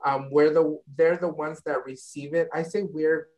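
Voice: medium pitch, fairly even intonation, normal speed, darkish tone, low-quality recording. A university advisor explaining admissions steps on a video call, with frequent ums and restarts. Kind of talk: online info session Q&A.

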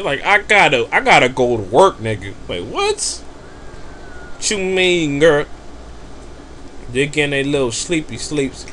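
This is a man giving relaxed, off-the-cuff commentary while he plays. His voice sits high and sounds piercingly bright. He rambles through crude jokes and heavy slang in a loose, casual way. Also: a little slow, long pauses, a little hiss or hum. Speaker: let's play commentator.

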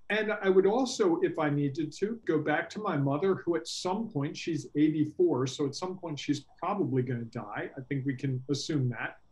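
A middle-aged man coaching entrepreneurs in a casual workshop talk, earnest and animated, acting out quoted dialogue. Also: fairly high pitch. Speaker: workshop presenter and business coach.

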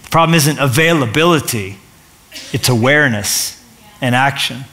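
A male pastor giving an energetic, conversational sermon in a church, full of asides and quick restarts. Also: medium pitch. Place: church stage.

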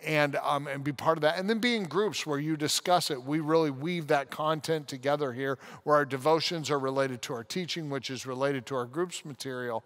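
A man's voice: a little high, a little fast, few pauses, fairly bright tone. A man in his forties, a pastor, telling a personal story in a casual podcast conversation, acting out the scenes as he goes. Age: 40s.

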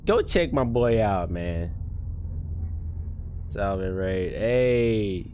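A young man streaming a horror game, jumpy and excitable, talking in slang to his chat. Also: fairly low pitch, drawn-out words, slight background noise. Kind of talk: live horror gameplay commentary.

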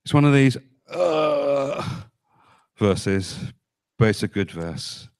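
A male pastor preaching a sermon, emphatic, often dropping low on key words and asking the congregation rhetorical questions. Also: lively intonation, unhurried, clear, resonant tone.

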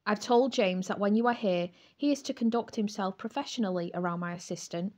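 A woman's voice: medium pitch, brisk, darkish tone, lightly acted. A woman voicing a controlling male boss who speaks curtly and formally, in a storybook reading. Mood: stern.

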